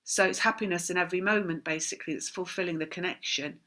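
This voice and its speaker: A woman's voice: lowish voice, steady tone, fast talker, sharp tone. A woman giving a spiritual tarot reading, rambling and repeating words in long chains, apologizing now and then for how she talks. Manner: apologetic, laughs at herself. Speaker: tarot reader.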